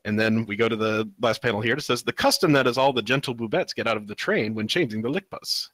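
A man's voice: medium pitch, fast, a bit bright, no echo. A man co-hosting a comedy podcast, reading a webcomic aloud with frequent giggles and silly voices. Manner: giggly, reads out panel dialogue in silly voices. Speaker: podcast co-host.

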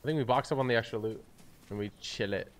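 A man's voice: mid-range voice, fast talker, background noise. A man casually chatting and joking while streaming a game, sometimes reading out viewer messages. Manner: playful, chatty, reads out chat. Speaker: gaming streamer. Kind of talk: casual gaming chat.

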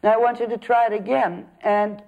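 A woman's voice: on the high side, fairly even intonation, a little fast, creaky. An older woman acting teacher giving a student direct, probing notes in class. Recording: dull lo-fi archive recording.

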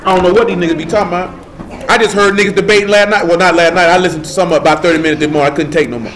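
High-voiced preacher man. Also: fairly even intonation, rapid-fire, fairly bright tone. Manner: emphatic, asks rhetorical questions; casual street slang. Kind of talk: live sermon teaching.

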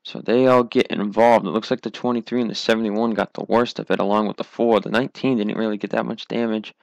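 A man's voice: on the low side, quick pace, creaky, dry recording. Young man calling a sim race. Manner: calls positions and replays, rising excitement at restarts. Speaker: racing commentator. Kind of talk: solo race commentary over a sim racing league.

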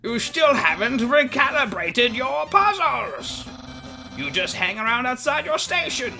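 A man voicing a loud, boastful skeleton in a high shouting cartoon-villain voice. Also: sing-song, measured pace, vocal fry, music in the background, heavily acted. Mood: bossy.

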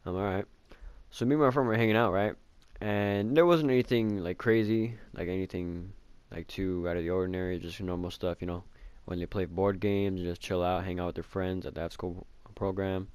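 Speaking a little fast with fairly even intonation, a young male vlogger recounts his childhood in a rambling, self-mocking storytime full of filler words and swearing. His low voice is slightly mellow, clear, and resonant, with no room sound.

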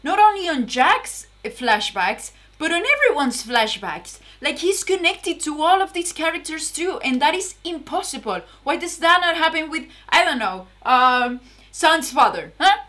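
A young woman talks through her reaction to a TV episode in loose, excitable commentary, swearing freely. Her voice is bright and sits a little high. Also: measured pace. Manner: excitable, swears often, laughs a lot. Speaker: reaction video host.

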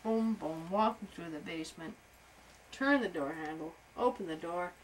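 A woman improvising a story for a young child at home, animated, with playful sound effects and soft asides. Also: lowish voice, moderate pace, a little hiss or hum, rough recording.

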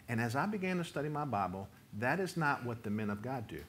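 A man delivers a sermon in a bright, forceful voice. He reads scripture steadily, then turns emphatic and loud when he voices the cries of the text. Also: mid-range voice, big pitch swings, quick pace, a little hiss or hum. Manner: emphatic preaching, rising to near-shouts when voicing the prophet's complaint. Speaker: pastor.

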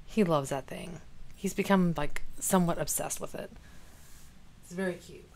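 A woman's voice: fairly low pitch, normal speed, vocal fry, pauses often, a little mellow. A woman vlogging casually at home, chatting through a product unboxing and cooing at her cats in baby talk. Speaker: beauty vlogger.

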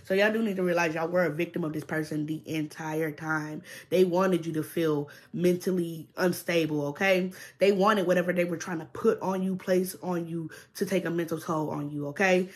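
A woman's voice: fairly low pitch, steady tone, normal speed, few pauses. A young adult woman doing a casual tarot reading to her viewers, blunt and full of swearing, who keeps checking in with "okay?". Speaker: tarot reader.

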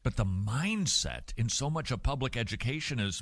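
A man hosting a Christian talk show, giving opinionated commentary in an animated, sarcastic way with jokey asides. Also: mid-range voice, moderate pace, hardly any pauses, dry recording. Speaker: radio host.

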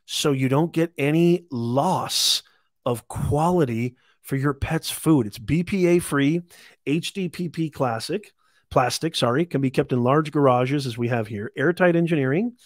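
A man's voice: medium pitch, no room sound, studio quality. A man hosting a live shopping stream, hyped and salesy, repeating calls to buy. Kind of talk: live deal-hunting stream.

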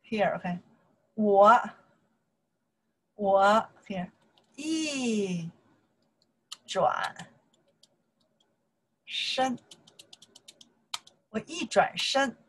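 A woman's voice: medium pitch, expressive, extremely slow, pauses often, a little hiss or hum, rough recording. A woman with a Chinese accent, a native Chinese speaker teaching a language lesson in simple English, explaining grammar and repeating phrases.

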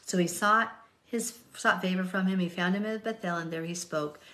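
A woman's voice: lowish voice, steady tone, moderate pace, sharp tone. A woman teaching from the Bible, reading scripture aloud and commenting in an earnest, pleading way that sometimes drops to a whisper.

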